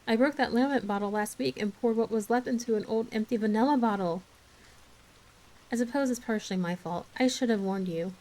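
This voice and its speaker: A woman voicing a stern, practical older woman who scolds in a brisk way during a book reading. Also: fairly high pitch, a little mellow, close to an everyday voice. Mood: scolding.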